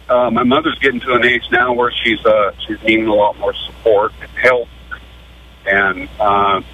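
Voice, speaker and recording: A man calling in to a radio show, speaking in a hesitant, halting way full of fillers. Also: on the low side, husky. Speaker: radio caller. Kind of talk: phone-in call. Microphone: telephone. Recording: dull phone line with faint noise.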